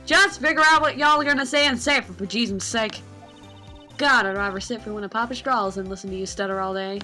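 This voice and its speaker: A woman voicing a loud, pushy Southern woman photographer in a fan game dub, with a put-on Southern drawl and a folksy, blustering manner. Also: on the high side, quick pace, faint music behind. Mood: scolding.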